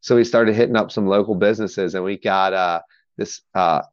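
A man's voice: lowish voice, steady tone, a little fast, no echo, highs cut off. A man telling a rambling story in casual podcast chat, cussing freely. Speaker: podcast guest.

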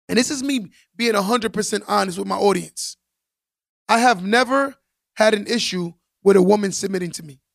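A man's voice: sits high, creaky, no echo, clean studio sound. A man hosting a podcast, talking in an emphatic, preachy way and repeating phrases for stress. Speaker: podcast host. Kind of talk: casual podcast monologue.

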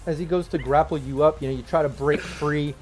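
A man's voice: on the high side, steady tone, a little fast, over music. A man running a tabletop game as game master, narrating loosely with lots of fillers.

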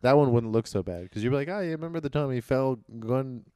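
A man's voice: mid-range voice, quick pace, mellow, clear, resonant tone, no room sound, studio quality. A man co-hosting a podcast in casual chat, joking and swearing, poking fun at himself. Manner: joking, profane, self-mocking. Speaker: podcast co-host.

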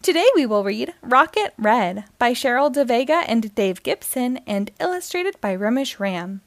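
A woman hosting and reading a children's book aloud in a slow, expressive way. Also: fairly high pitch, no room sound. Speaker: host and reader.

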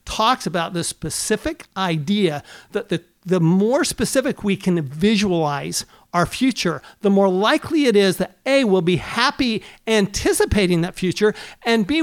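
A man who is an accountant hosting a podcast, talking in an earnest coaching way and firing off rhetorical questions. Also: high-pitched. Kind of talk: motivational podcast talk.

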